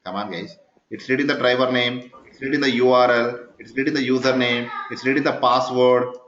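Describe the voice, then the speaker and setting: A man's voice: mid-range voice, fairly even intonation, fairly quick, fairly bright tone. Man, programming instructor, quizzing students, echoey dull recording with faint noise. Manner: keeps quizzing the class, asking 'yes or no?'. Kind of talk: live coding lecture.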